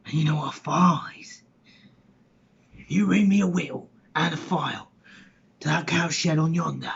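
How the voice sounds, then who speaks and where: A man's voice: a little high, a little slow, creaky, breathy edge, full character voice. A young man performing a menacing, threatening man in a Cockney accent for an acting showreel. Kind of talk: acted showreel monologue. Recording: dull lo-fi clip, faint background noise.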